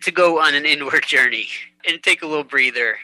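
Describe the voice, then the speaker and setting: A man's voice: on the high side, brisk, pushed and bright, no room sound, rough recording. A man who is a musician guest in an interview, chatting and telling stories, laughing easily and repeating words. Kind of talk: conversational interview.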